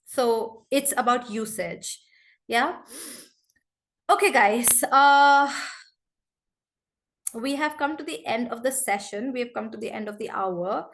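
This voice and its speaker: Female online English teacher, fairly high voice, chatty, apologetic, unwell. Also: slow, long pauses, fairly bright tone. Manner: chatty, apologetic, repeats phrases. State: unwell, feverish. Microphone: video call.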